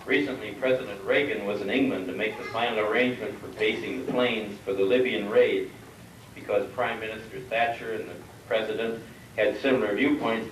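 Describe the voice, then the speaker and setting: Low-voiced man telling jokes. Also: slight background noise. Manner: measured storyteller, drawn-out punchlines. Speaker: reunion emcee. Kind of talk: joke telling to a crowd. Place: reunion gathering hall. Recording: roomy hall from far off.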